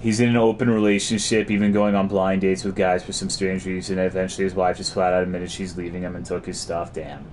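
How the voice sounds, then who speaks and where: A man's voice: low voice, flat delivery, brisk, hardly any pauses, a little mellow, slight background noise. A man streaming a game, chatting casually and crudely as he reads and answers his chat.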